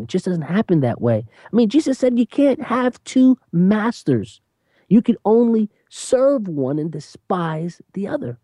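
An animated preacher who talks emphatically in conversation, laughing between points and slowing down to stress key phrases. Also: mid-range voice, no room sound, studio quality. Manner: lively, emphatic, repeats "you know what I'm saying".

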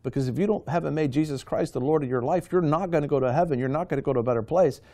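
A man's voice: fairly high pitch, very fast, warm tone. A man hosting a Christian talk show, preaching in an urgent, emphatic way. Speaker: host.

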